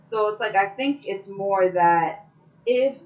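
A woman in casual co-host chat, voice at an ordinary middle pitch. She rambles through opinions, restarting and cursing casually. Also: slow, darkish tone, low-quality recording.

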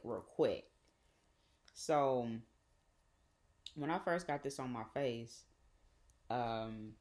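A woman with a Southern US accent, hosting a podcast and telling a personal story in a profane, animated way with repeated phrases. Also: a bass voice. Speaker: podcast host. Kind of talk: casual storytelling.

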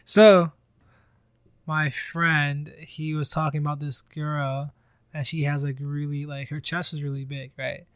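A man's voice: on the high side, flat delivery, measured pace, fairly bright tone, clear, resonant tone, dry recording. A young man in casual chat, telling a story with plenty of swearing and laughter.

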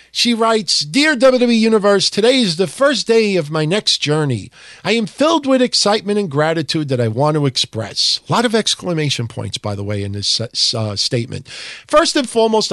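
Male podcast host, fairly high voice, dry close-mic sound, mock-enthusiastic reads with deadpan asides. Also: no room sound. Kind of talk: casual wrestling history podcast.

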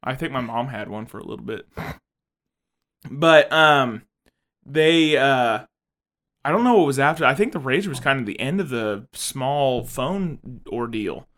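A man's voice: medium pitch, animated, unhurried, a bit bright. A young man co-hosting a podcast in casual chat, joking crudely and laughing often. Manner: laughs often, crude jokes, slips into silly voices. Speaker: podcast co-host.

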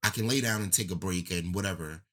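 A man, talking candidly and emotionally in casual conversation, his voice rising and falling as he tells a story. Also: fast talker. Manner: emotional, candid storytelling with lively pitch swings.

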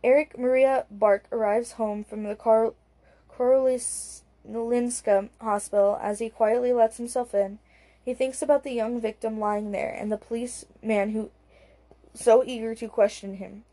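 A woman reads a thriller audiobook in a calm, even storytelling manner. Her voice is fairly high but warm and mellow. Her narration is steady and scripted. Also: measured pace.

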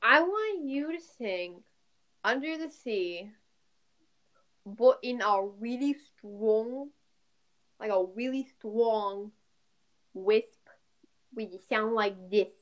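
A podcast co-host speaking in a slow, low-key, teasing way during casual chat. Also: animated, a bit bright.

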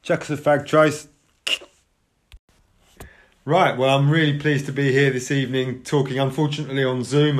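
Joking male podcast host. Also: medium pitch. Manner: jokey, teasing banter. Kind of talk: casual interview.

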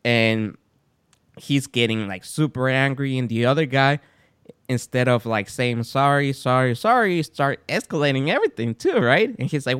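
A male podcast host tells a story in casual chat. His voice sits at a middle pitch but leaps up and down as he acts out quotes. The sound is close and dry, with no room in it. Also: expressive, moderate pace, a bit bright, clear, resonant tone, dry recording.

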